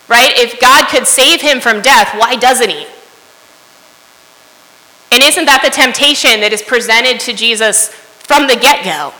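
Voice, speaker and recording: A woman's voice: on the high side, pushed and bright. A woman preaching a sermon in an earnest way, often asking her listeners "right?" as she goes. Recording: long hall reverb.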